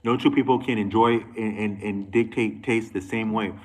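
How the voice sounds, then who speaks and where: A man's voice: lowish voice, fairly even intonation, moderate pace, a little mellow, rough recording. A man talking to camera in a loose, rambling monologue, restarting sentences and going off on asides. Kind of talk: casual monologue.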